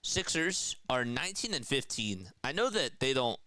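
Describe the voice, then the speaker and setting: A man's voice: mid-range voice, sing-song, normal speed, bright, forceful tone, dry recording, poor audio. A young man giving casual radio-style basketball play-by-play, chatting with his viewers between plays. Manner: casual, chatty, reads viewer comments aloud. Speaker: play-by-play announcer.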